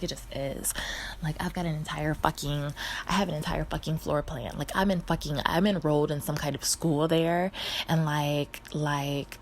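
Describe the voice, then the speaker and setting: Stoned, rambling woman with a gravelly voice. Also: low voice, slight background noise. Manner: rambling, profane, self-interrupting, laughing often. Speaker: vlogger. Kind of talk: rambling casual storytime.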